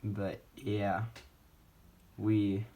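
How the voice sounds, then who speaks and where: A man's voice: lowish voice, completely flat delivery, extremely slow, muffled recording. A young man casually telling a personal story on his vlog, rambling with many fillers and restarts, speaking from a wheelchair at home. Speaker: vlogger.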